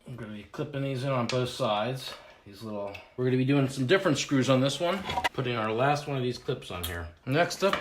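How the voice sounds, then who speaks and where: Young guy deadpanning through a diy build, echoey room, bit of background hiss. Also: mid-range voice. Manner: mock-serious, deadpan humor about a toy kitchen. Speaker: realtor hosting a home renovation video. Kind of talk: joking do-it-yourself walkthrough.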